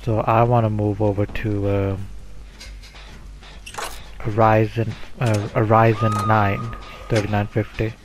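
A man from the UK, hosting a casual online chat while gaming, talking in a relaxed, rambling way with many fillers. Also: lowish voice, slow pace, long pauses, slight background noise. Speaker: streamer host.

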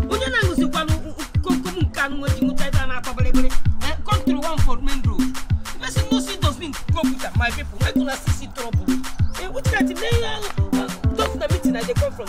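A woman with a Nigerian accent in a comic skit, loudly scolding and switching between Pidgin and Igbo. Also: high voice, animated, fast, loud music behind the voice. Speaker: title comedy character.

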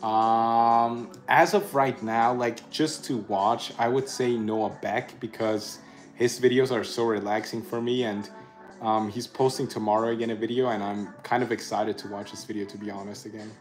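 A man's voice: lowish voice, fairly even intonation, moderate pace, faint music behind. A young man hosting a casual livestream, chatting and laughing as he reads out viewer comments and thanks them. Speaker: livestream host reading chat.

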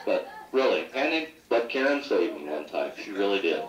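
A man's voice: fairly low pitch, sing-song, moderate pace, highs cut off. A middle-aged man telling joking, teasing stories as the son at a family party. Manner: joking, teasing, laughs at his own stories. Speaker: son giving a toast. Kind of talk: rambling anecdotes at a family party. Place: party room at an anniversary celebration. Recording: echoey 1980s home video from far off.

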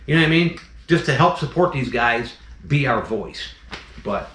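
A man's voice: mid-range voice, expressive, moderate pace, a bit bright, roomy sound, slight background noise. A man who breeds venomous snakes, ranting bluntly in a vlog, fired up and repeating himself. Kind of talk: impassioned vlog rant.

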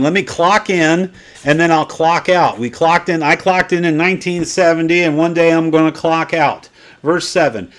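A man in his fifties teaching from the Bible in a sermon style, swinging between quiet asides and excited high points. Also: moderate pace. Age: 50s. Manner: animated, swings from low asides to excited peaks.

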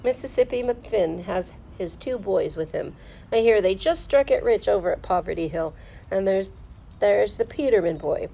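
A man's voice: high-pitched, expressive, moderate pace, vocal fry, mellow, a little hiss or hum, low-quality recording. A woman reading aloud voices a boisterous bearded gold-rush miner who talks in a chatty, folksy backwoods way. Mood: gruff folksy.

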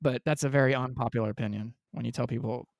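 A man co-hosting a relaxed podcast, talking movies with animated enthusiasm and frequent laughter. His voice is gravelly at a middle pitch. The sound is dry and close to the mic. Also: dry recording. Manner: animated, laughing, does quick movie impressions. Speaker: podcast co-host. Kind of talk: casual chat.

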